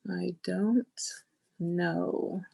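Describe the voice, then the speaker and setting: A woman leads an online scrapbooking class in a slow, gravelly voice, close to tears. Her tone is folksy and down-to-earth as she talks through her work. Her pitch sits low for a woman. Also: fairly even intonation. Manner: tearful, soft-spoken, talks while working. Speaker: scrapbooking instructor.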